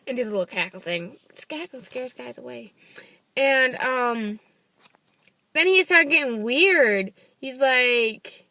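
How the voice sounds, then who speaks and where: A woman's voice: a little high, lively intonation, a little slow, sharp tone, no room sound. A young woman telling a story to camera in a casual vlog, blunt and swearing freely, acting out the texts in quoted voices. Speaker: vlogger.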